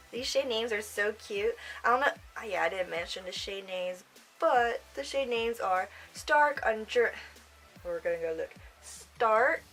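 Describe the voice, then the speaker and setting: A woman's voice: medium pitch, poor audio. A young woman giving a casual makeup tutorial, chatty and rambling, often trailing off and giggling to herself. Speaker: makeup vlogger.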